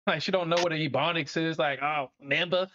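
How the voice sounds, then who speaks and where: A man's voice: on the high side, fast, a little hiss or hum. Loose-talking man with a dull stream mic. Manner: animated, swearing, laughing often. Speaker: trading stream host. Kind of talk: casual live-stream chat.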